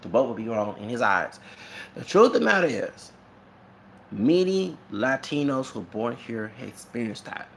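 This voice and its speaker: A YouTuber from Texas rambles through a casual monologue, animated and full of asides and frequent laughter. His medium-pitched voice has vocal fry and moves at normal speed, with a little hiss or hum in the background.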